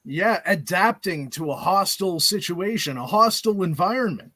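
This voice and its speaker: A man's voice: high voice, animated, moderate pace, sharp tone, no room sound. A man co-hosting a casual movie chat, arguing his point in a jokey, mock-serious way. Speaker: podcast co-host.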